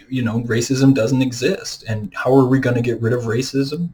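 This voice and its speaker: A man's voice: mid-range voice, darkish tone, rough recording. A man ranting straight to his own camera in a loose, rambling way, full of fillers and restarts. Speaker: video creator. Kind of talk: unscripted rant to camera. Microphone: camera mic, self-filmed.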